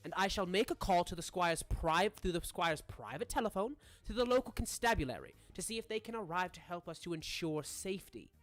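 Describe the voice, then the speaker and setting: A game master voicing a stiff, long-winded gentleman who speaks formally and a little louder than usual. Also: mid-range voice, expressive, fairly quick, hardly any pauses, natural voice. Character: stiff formal manor official.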